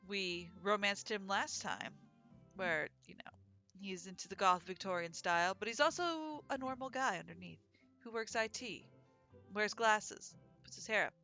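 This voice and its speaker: Playful woman hosting a game playthrough, bright voice, soft game music behind. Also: medium pitch, moderate pace. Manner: playful, reads all characters aloud. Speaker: let's play host. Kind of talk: reading and commenting on a dating game.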